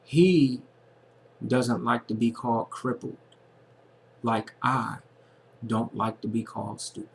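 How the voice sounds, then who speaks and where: A man's voice: medium pitch, steady tone, takes it slowly, gravelly, long pauses, slight background noise. A man giving an earnest, casual personal monologue as a vlogger, and he repeats phrases for emphasis.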